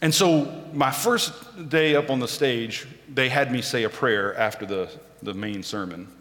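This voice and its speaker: A man's voice: medium pitch, unhurried, a bit bright, long reverb tail. A man preaching a sermon, telling a personal story with self-deprecating humor.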